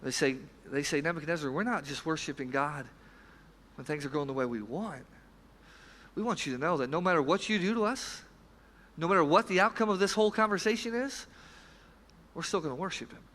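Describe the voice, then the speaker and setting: A man preaching a sermon as pastor, earnest, swinging between loud emphasis and quiet, low passages. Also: a little fast, long pauses. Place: church sanctuary. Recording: church hall with long reverb.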